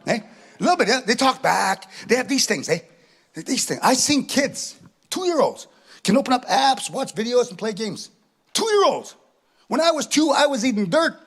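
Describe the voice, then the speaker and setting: A middle-aged man from Canada telling a stand-up comedy story on a theatre stage, animated, chuckling as he acts out voices. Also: extremely high pitch, moderate pace, breathy edge. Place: theatre stage with live audience.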